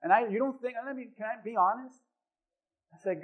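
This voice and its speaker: A man, a pastor, preaching a sermon and telling personal stories, acting out the quoted voices with lively swings in loudness. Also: high-pitched, a little fast, phone-quality sound. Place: church.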